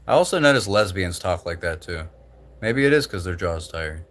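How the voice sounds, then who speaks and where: Deep-voiced laid-back man with a slight Southern drawl. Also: normal speed, a bit bright. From Southern United States. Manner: rambling, profane, laid-back. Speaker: livestream host. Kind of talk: casual livestream chat.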